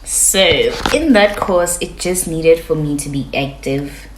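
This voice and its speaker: A young woman telling a story to her vlog in a casual, slangy way, her voice jumping from loud highs to hushed lows. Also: takes it slowly, noisy background. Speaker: vlogger. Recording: echoey room.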